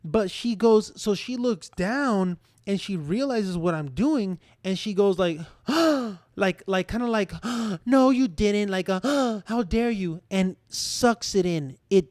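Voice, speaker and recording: A young man in his twenties co-hosting a podcast, telling an embarrassing story in a rambling, animated way full of fillers and restarts. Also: sits high, takes it slowly, few pauses, dry recording, clean studio sound. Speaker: podcast co-host. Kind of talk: casual storytelling.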